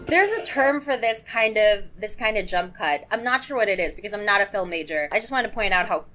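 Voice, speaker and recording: A woman reviewing shows in a casual vlog, gushing and excitable, and swearing freely as she talks. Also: medium pitch, fairly quick, over music. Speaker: show reviewer.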